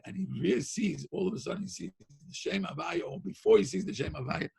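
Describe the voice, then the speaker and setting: Gravelly, animated storytelling man. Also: sits high, fairly quick. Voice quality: gravelly, husky. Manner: animated, repeats words, laughs between lines. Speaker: Torah teacher. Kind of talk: storytelling lecture.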